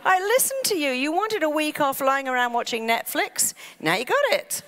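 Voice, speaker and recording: A woman's voice: sits high, very animated, normal speed, a bit bright, voice pushed up. A woman on stage voicing the listener's own mind as an eager, literal helper, in a chatty, matter-of-fact way. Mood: pleased. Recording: long reverb of a large hall.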